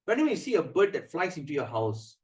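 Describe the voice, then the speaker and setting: A man giving a scripture class, chanting verses slowly and then explaining them animatedly with many fillers. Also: a little high, big pitch swings, darkish tone. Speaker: spiritual teacher. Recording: echoey room, mic at a distance.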